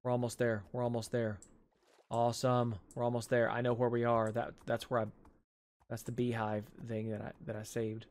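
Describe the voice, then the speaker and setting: Here the gaming host speaks at medium pitch and a moderate pace, his tone darkish and monotone. It's relaxed let's play commentary, with him chatting to himself and to the game's animals despite a jaw sore from dental work.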